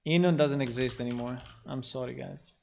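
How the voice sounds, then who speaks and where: A man's voice: medium pitch, a little fast, vocal fry, slight background noise. A man talking casually on a livestream as a game developer, thinking aloud in a rambling way with lots of ums and restarts. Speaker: game developer streaming his work. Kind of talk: casual livestream talk while working.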